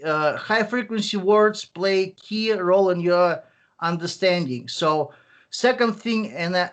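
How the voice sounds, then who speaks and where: A man from Russia speaking English with a Russian accent, giving advice in an online interview, halting often with fillers and restarts. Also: high voice, a bit bright. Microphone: video call.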